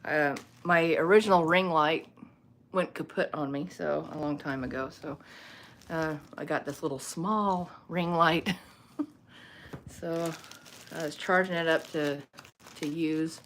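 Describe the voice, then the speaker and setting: Woman, low voice, casual rambling livestream host on her phone, laughs easily. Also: fairly even intonation, a little slow, pauses often, fairly bright tone, a little hiss or hum. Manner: rambling, chatty, laughs often. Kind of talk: casual livestream chat with viewers. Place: home room lit by a small ring light.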